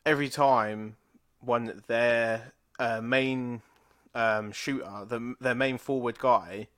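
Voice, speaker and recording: A man's voice: medium pitch, fairly even intonation, slow pace, fairly bright tone. A man in his thirties from England, co-hosting a podcast and rambling through sweary anecdotes with laughs. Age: 30s. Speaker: podcast co-host. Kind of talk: casual chat.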